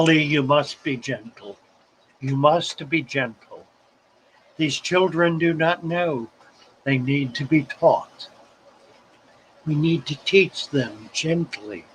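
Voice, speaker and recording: Man, livestream host, slow deliberate delivery, wry sarcasm, faint room noise. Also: a little high, fairly bright tone, rough recording. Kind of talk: casual livestream commentary.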